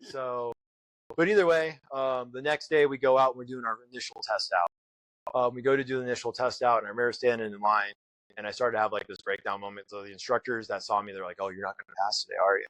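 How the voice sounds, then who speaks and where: A man recounts a story at a quick clip, slipping into other people's voices for the quoted lines. The sound is dry and close, with no room behind him. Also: medium pitch, no echo, low-quality recording. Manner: fast, animated retelling with voiced quotes. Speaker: guest. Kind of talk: casual storytelling.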